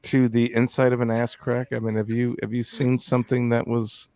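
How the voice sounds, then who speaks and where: A man hosting a casual podcast, steering the questions quickly and jokingly. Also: mid-range voice, flat delivery, a little mellow, no echo, studio quality. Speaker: host.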